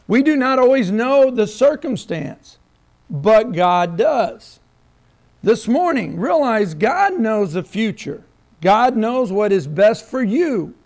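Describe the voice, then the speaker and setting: High-voiced pastor preaching with swings. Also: male voice. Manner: preaching with dramatic quoted prayers and scripture readings. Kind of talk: sermon.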